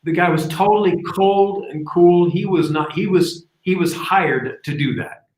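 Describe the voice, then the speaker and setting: Animated man hosting, echoey room. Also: high-pitched, measured pace, slight background noise. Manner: animated storytelling. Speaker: show host. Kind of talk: casual talk show discussion.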